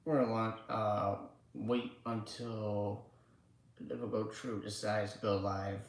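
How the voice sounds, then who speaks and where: A man's voice: fairly low pitch, flat delivery, takes it slowly. Rambling profane man on an echoey stream. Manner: rambling, profane, lots of fillers. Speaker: livestream host. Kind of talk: casual livestream chat. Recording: very echoey room.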